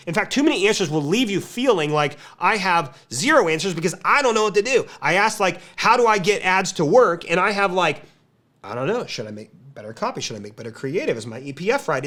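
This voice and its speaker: A man hosting a podcast, telling a lively story to a live client community, with a speaking pace that quickens and slows. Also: sits high. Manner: animated storytelling, pace shifts. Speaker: podcast host.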